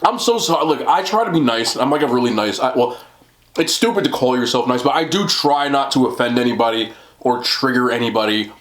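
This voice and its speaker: A young man with a mid-pitched voice talks casually while he eats, chatty and easy, with frequent laughs and jokes at his own expense. The sound is roomy, as if he is recording in a room at home. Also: animated, a little fast, a bit bright. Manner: chatty and self-deprecating, laughs often, talks while eating. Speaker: mukbang vlogger. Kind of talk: casual eating vlog chat.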